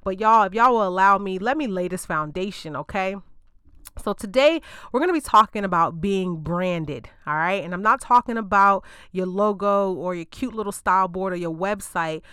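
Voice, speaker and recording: Smooth-voiced woman retelling scripture in slang. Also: mid-range voice, normal speed, no echo, clean studio sound. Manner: slangy, joking asides, animated. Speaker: podcast host. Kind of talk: casual Bible storytelling.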